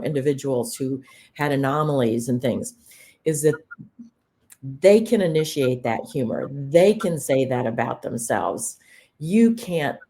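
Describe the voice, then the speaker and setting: A woman's voice: rumbling low, dark tone. A woman in a conversational discussion, explaining her points thoughtfully with some restarts.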